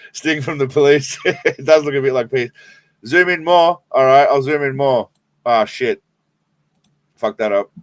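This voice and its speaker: An Australian man with a voice on the high side hosts a live stream, rambling and swearing in a laid-back, stoned way during casual chat. There's no echo on the audio.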